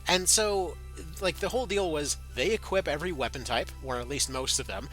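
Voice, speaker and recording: Bright-voiced man rambling through game news. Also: on the high side, brisk, soft background music. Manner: rambling, filler-heavy, sardonic. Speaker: gaming video host. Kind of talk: casual commentary video.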